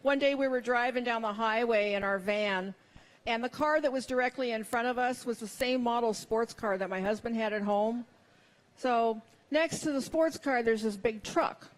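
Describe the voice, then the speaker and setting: A woman's voice: a little high, moderate pace. A middle-aged woman performing a stand-up comedy set, with wry, self-mocking punchlines.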